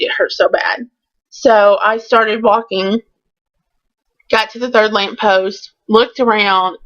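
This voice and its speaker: A woman's voice: mid-range voice, fairly bright tone, highs cut off. A woman telling a candid, chatty storytime in a casual vlog. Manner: chatty and candid, with many ums. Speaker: vlogger.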